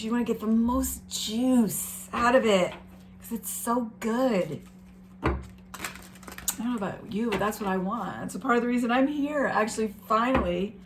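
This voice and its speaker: A woman giving an encouraging spiritual card reading to her viewers, gentle and sometimes emotional. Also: a little high, noisy background. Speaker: tarot reader.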